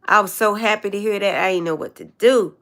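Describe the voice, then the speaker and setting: A woman's voice: mid-range voice, brisk, a bit bright. An older woman hosting a casual livestream chat, telling long meandering stories and greeting viewers. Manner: rambling, meandering storyteller. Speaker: livestream host.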